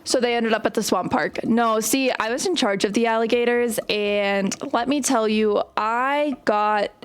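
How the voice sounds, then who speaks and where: Young woman streamer, higher voice, easygoing storyteller, casual gaming chat. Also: a little slow, smooth. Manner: chatty, storytelling while playing.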